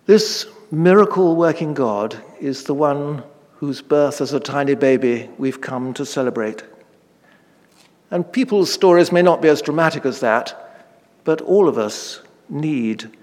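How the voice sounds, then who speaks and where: A man in his late fifties preaching a sermon, earnest and deliberate, slowing down on key phrases and lifting his voice when reading scripture. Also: on the high side, long reverb tail. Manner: reads scripture aloud with rising emphasis.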